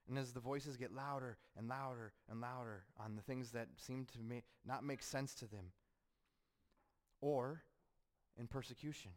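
A man's voice: mid-range voice, moderate pace. A man preaching a sermon, asking rhetorical questions and acting out the voices of critics. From United States. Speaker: pastor.

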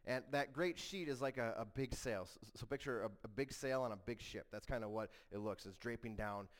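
Male pastor, mid-pitch, casual teaching sermon with frequent restarts. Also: fairly quick. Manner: conversational, frequent restarts and rhetorical "right?".

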